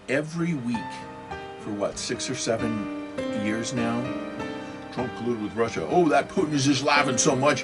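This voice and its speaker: A man talks off the cuff in his own video, rambling and steering everything through rhetorical questions. He stumbles over words and keeps correcting himself mid-sentence, with soft guitar music drifting underneath. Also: medium pitch. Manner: many fillers and self-corrections. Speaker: video host. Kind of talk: unscripted political and religious monologue.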